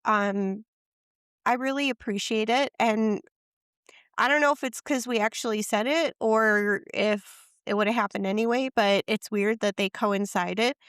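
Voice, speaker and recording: A woman co-host talks slowly and hesitantly in casual podcast chat. Her voice is smooth and clear, with a dry close sound. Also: mid-range voice, no echo. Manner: slow, relaxed, hesitant with fillers.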